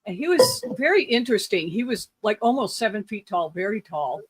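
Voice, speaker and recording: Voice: mid-range voice, very animated, fairly quick, slight background noise. Rambling, laughing podcast storyteller. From lived in the southwestern US. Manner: rambling anecdotes with frequent fillers and laughs. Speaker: podcast co-host. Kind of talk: casual storytelling chat.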